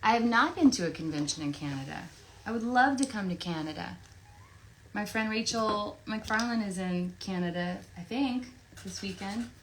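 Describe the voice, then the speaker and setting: A woman's voice: medium pitch, animated, moderate pace, a little hiss or hum, rough recording. Chatty woman from Tennessee. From Tennessee, USA. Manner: chatty, playful, talks while working. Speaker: voice actress signing autographs live. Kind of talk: casual livestream chat. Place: home, near her recording booth. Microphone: desk microphone.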